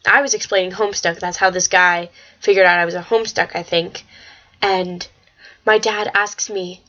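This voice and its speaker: A teenage girl chatting in a casual vlog, rambling and excitable, swearing when she gets worked up. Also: medium pitch, moderate pace. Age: teens. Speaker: vlogger. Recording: slightly dull lo-fi webcam audio.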